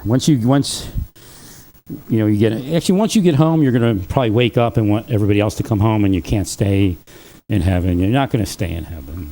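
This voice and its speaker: A man's voice: lowish voice, a little mellow. A man talking alone on his livestream, rambling and chuckling often between thoughts. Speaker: livestream host. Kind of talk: rambling solo livestream talk.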